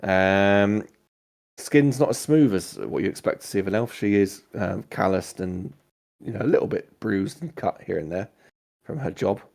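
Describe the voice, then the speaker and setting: A man narrating as game master of a tabletop role-playing game, relaxed, with frequent ums and self-mocking laughs. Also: on the low side, normal speed, creaky.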